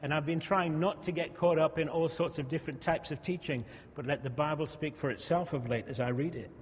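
Man, pastor, sermon, chatty humorous asides, fairly high voice, long hall reverb. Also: a little fast, slight background noise. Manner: conversational, humorous asides to the congregation. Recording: dull lo-fi sound in a reverberant hall.

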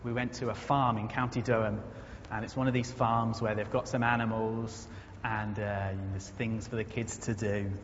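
A man's voice: fairly low pitch, level tone, moderate pace, few pauses. A man preaching a conversational sermon in a church, earnest and storytelling, building to emphatic repetition. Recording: echoey muffled hall recording, faint noise.

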